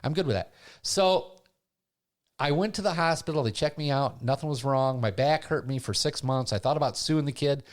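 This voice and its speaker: A man's voice: medium pitch, moderate pace. An older man hosting a podcast, telling a personal story in a casual way and acting out what he and others said. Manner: animated storyteller who acts out his own past voices. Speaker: podcast host.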